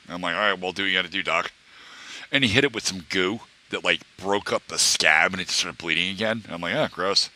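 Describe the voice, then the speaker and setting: A young male streamer tells a rambling story to his chat, full of fillers, restarts and acted-out quotes from other people. His voice sits very low yet comes across bright and forceful.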